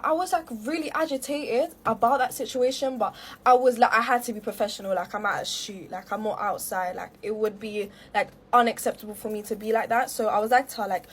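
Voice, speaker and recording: A woman's voice: high-pitched, brisk, breathy edge. A young woman telling an aggrieved story to camera, rambling with plenty of fillers. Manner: rambling, heavy filler use, aggrieved retelling. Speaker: storytime creator.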